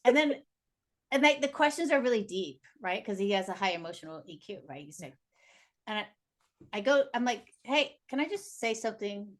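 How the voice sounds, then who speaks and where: A woman guest in a casual interview, telling stories in a lively way and acting out the dialogue. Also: medium pitch, brisk. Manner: animated, acts out dialogue in her stories. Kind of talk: casual conversational storytelling.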